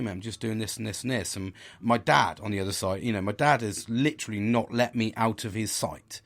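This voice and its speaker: Middle-aged guy rambling, swears a lot, keeps restarting sentences. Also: mid-range voice. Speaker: podcast host. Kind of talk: candid personal monologue.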